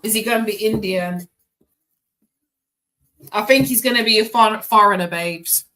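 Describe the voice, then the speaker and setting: Bright-voiced chatty woman, slang. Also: medium pitch, normal speed, low-quality recording. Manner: chatty, addresses viewers by name, slangy. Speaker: tarot reader hosting a live stream. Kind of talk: casual live-stream chat.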